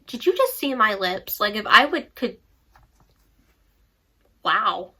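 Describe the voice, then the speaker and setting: A woman's voice: mid-range voice, very animated, slow, bright, forceful tone, slightly rough. A young woman chatting casually about books in a bubbly, talkative way. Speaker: book vlogger. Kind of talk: casual vlog chat.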